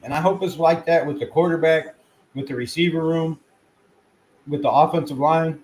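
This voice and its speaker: A man hosting his own fan channel, giving casual sports commentary in an excitable, rambling way with plenty of swearing, at times talking while chewing. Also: a little high, moderate pace, slight background noise, poor audio. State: chewing food.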